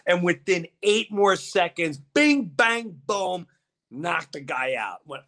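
Speaking at a measured pace in a fairly high voice, a man hosting a podcast spins a story in relaxed conversation. He performs the characters' voices with animated flair.

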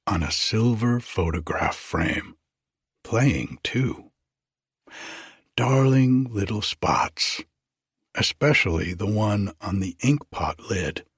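Very husky, slow male storyteller. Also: on the low side, dry recording, studio quality. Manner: lyrical, unhurried. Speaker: narrator. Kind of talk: audiobook narration.

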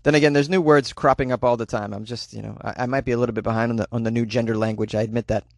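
A man's voice: mid-range voice, fairly even intonation, very fast, gravelly, dry recording. Wry man doing comedic news commentary. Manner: wry, joking asides, chatty. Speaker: host.

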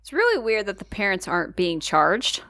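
A woman's voice: mid-range voice, huge pitch swings, moderate pace, bright, forceful tone, no room sound, studio quality. A woman co-hosting a podcast, chatting bluntly and casually, with profanity and questions. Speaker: podcast co-host. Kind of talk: casual chat.

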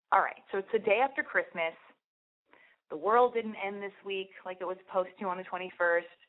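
A woman's voice: mid-range voice, expressive, fairly quick. A woman podcast host with a lisp, giving a brash, profane, rambling and self-deprecating advice monologue. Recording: phone-like narrow band.

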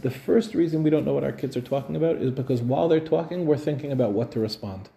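A man's voice: medium pitch, fast talker, creaky, dark tone. A middle-aged man, a rabbi, giving a conversational talk to parents at home, often checking in with his listeners. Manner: conversational, asks the audience "right?". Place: living room of a home.

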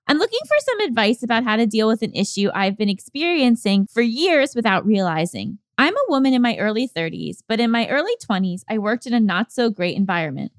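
Casting: young woman podcast co-host, high and lively voice, playful and giggly, dry close sound. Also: fairly quick, hardly any pauses, no echo. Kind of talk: casual chat.

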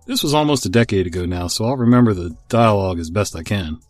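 Expressive male podcast story reader. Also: on the low side, fast talker, dry recording, faint music behind. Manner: expressive, amused. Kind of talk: story narration.

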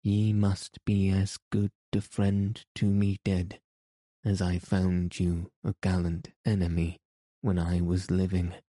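A proud, gloomy baron lies dying, as a man reading an audiobook gives him voice. He speaks in archaic, formal sentences, very slowly and in a deep, flat tone. The sound is dry and close. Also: no echo. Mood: solemn. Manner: archaic, grave and formal speech.

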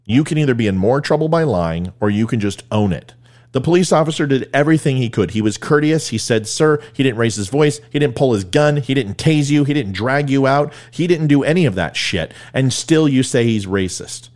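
A man's voice: mid-range voice, lively intonation, fairly quick, darkish tone. A man giving blunt, emphatic opinion commentary in a lecturing way.

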